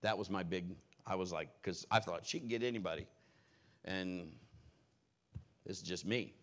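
A man's voice: low-pitched, moderate pace, fairly bright tone. A male pastor preaching a conversational storytelling sermon in a folksy, personal way with rambling asides.

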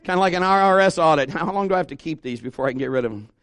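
High-voiced preacher, loud then hushed. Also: male voice, very fast, clear, resonant tone, dry recording. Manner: animated, swinging from loud exhortation to hushed intimacy; humorous asides. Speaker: pastor. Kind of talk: sermon. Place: church sanctuary.

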